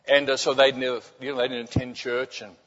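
A middle-aged pastor preaches a sermon, telling a personal story and repeating his key phrases softly. His voice rings through a large hall with a long reverb. The recording is somewhat dull and muffled. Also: mid-range voice, level tone, fast. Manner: storytelling, repeats phrases for emphasis, drops to soft.

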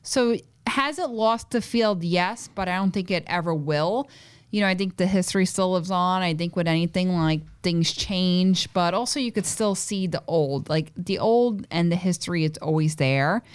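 Smooth-voiced Brooklyn woman. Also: fairly low pitch, normal speed. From Brooklyn, New York. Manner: animated storyteller, acts out quoted voices. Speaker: podcast guest. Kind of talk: casual chat.

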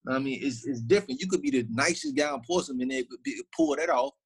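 A young man from Virginia speaks with a relaxed Southern drawl and a husky edge to his voice. He tells his stories loosely, packing in slang and fillers like a guest chatting in an interview. His pitch sits in an everyday middle range. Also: quick pace, rough recording. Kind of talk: casual interview storytelling.

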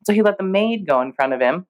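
A young adult woman with a medium-pitched voice talks at a quick pace as she co-hosts a podcast. She tells stories in a casual, animated way, laughs frequently and acts out quoted voices.

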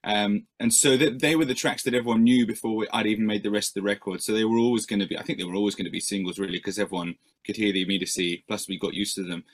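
Low-voiced rambling male musician. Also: fairly even intonation, rapid-fire, few pauses. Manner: rambling, self-deprecating, many fillers and restarts. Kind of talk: casual interview answers.

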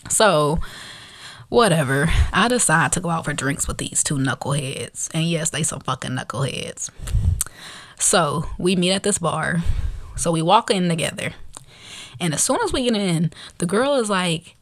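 A woman podcast host telling a story in a blunt, profane, animated way, acting out the other people's lines as she goes. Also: mid-range voice, fairly quick, creaky, dry recording. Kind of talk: casual storytelling.

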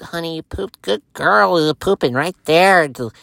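A man's voice: normal speed, vocal fry, fairly bright tone, dry recording. A man putting on a gushing baby-talk pet lover. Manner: high sing-song baby talk.

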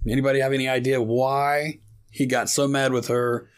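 A man's voice: mid-range voice, little pitch movement, moderate pace, clear, resonant tone. Rambling, profane male podcast storyteller. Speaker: podcast co-host. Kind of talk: casual storytelling chat.

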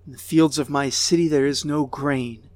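A man voicing a grieving goddess queen who mourns her ruined city in a high, keening lament. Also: steady tone, normal speed, darkish tone, dry recording, natural voice.

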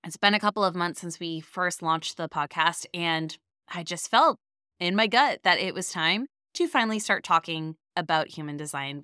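A woman's voice: on the low side, bright, forceful tone, smooth, dry recording, studio quality. A woman in her thirties hosting her podcast, sounding a bit nasal from a cold, talking with eager, earnest enthusiasm. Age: 30s. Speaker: podcast host. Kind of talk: casual podcast talk.

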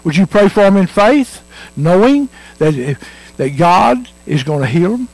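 A man's voice: sits high, sing-song, a little slow, low-quality recording. A man preaching a sermon in a church, earnest and emphatic, repeating his points and telling stories.

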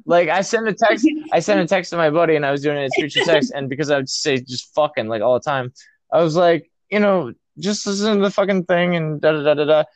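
A man's voice: a little high, fast talker, no room sound. An American man chatting on a podcast, swearing constantly and ranting jokily. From United States. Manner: animated, swears constantly, jokey rants. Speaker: podcast guest. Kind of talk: casual chat.

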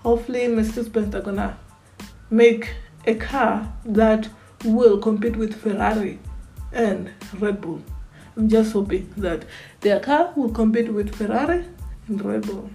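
A woman's voice: on the high side, steady tone, measured pace, gravelly, mellow, faint music behind, low-quality recording. A woman giving casual fan commentary on a vlog, chatty, repeating words as she talks things over. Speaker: Formula One fan vlogger.

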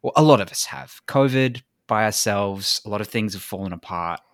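A man's voice: lowish voice, moderate pace, no echo, clean studio sound. A man hosting a podcast in casual conversation, talking in an earnest, reflective and openly enthusiastic way. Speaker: podcast host.

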